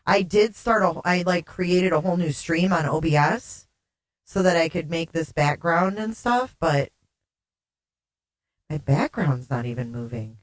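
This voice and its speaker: A woman with a somewhat low voice hosts a casual livestream and chats easily with her audience, reading their comments aloud. Her sound comes through oddly warbly and echoey. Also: measured pace. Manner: chatty, reads viewer comments aloud, laughs often. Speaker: livestream host.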